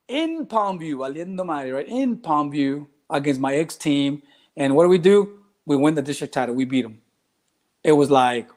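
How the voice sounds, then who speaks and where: Middle-aged coach, a slightly high male voice, animated, plays out every quoted voice. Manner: animated, acts out quoted voices, mixes in Spanish phrases. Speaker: track and cross country coach. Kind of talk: casual interview storytelling.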